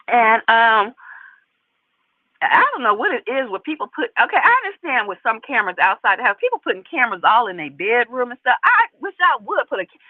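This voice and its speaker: A woman hosting her own commentary channel, talking straight to her viewers in a casual, animated way and repeating her points for emphasis. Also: mid-range voice, no echo. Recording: tinny phone-like sound, dry.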